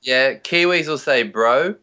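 Australian man guest, breezy and relaxed, crisp bright tone, on a web call. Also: medium pitch, slow pace. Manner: easygoing, laid-back, says mate. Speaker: guest, adventure athlete. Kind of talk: casual chat. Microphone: Skype call.

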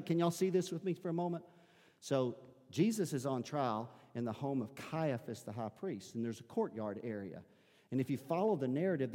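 A man's voice: mid-range voice, mellow. A man with a Southern US accent preaching a sermon as pastor, rising into emphatic bursts and calling out to his congregation. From American South. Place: church sanctuary. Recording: live-streamed sermon in a reverberant hall.

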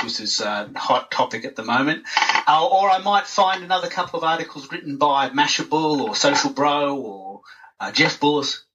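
A man chatting as an interview guest and telling animated stories. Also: on the high side. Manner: animated storyteller who acts out voices. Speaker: podcast guest. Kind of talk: casual interview chat. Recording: dull, distant recording.

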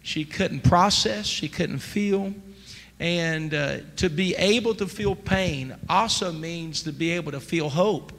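A man preaching a sermon as pastor, emphatic and rising to near-shouts. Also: on the high side, slow pace. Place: church sanctuary. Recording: church sanctuary with long reverb, faint noise.

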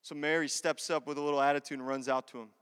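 High smooth-voiced guy preaching, lots of repeats, echoing church hall. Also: fairly even intonation, fast talker, a bit bright. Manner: impassioned, repetitive preaching with acted-out prayers. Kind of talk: sermon. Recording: long hall reverb.

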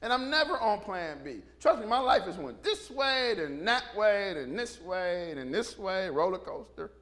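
A man's voice: high voice, very animated, moderate pace, fairly bright tone. A man in his fifties, a pastor giving a casual, storytelling sermon who acts out the voices of the people he talks about and laughs often. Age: 50s. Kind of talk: conversational sermon.

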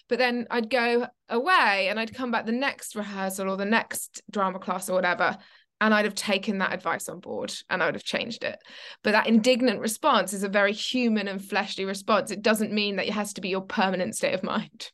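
A woman's voice: medium pitch, a little fast, fairly bright tone. A young woman co-hosting a casual Christian chat podcast, telling stories animatedly and acting out her own reactions. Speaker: podcast co-host.

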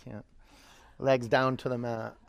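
A man's voice: medium pitch, little pitch movement, slow pace, vocal fry. A man teaching a live yoga class, calling out poses, counting down holds and coaching students by name.

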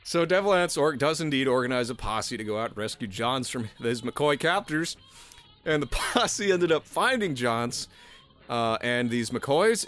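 A man's voice: mid-range voice, a bit bright. A man hosting a casual podcast and telling a history story, sarcastic and laughing, swearing often and tripping over his words. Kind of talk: casual chat.

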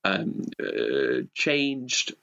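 A man's voice: rumbling low, very slow, creaky, muffled recording. A man co-hosting a podcast, talking theory in a jokey mock-academic way, stumbling and restarting. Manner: animated, laughs a lot, stumbling restarts. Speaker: podcast co-host.

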